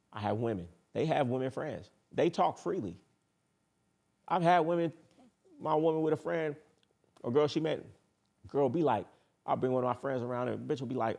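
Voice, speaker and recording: A man's voice: medium pitch, gravelly, a little mellow. A man hosting a dating advice talk in a casual monologue, blunt, boastful and profane, who repeats his points for emphasis.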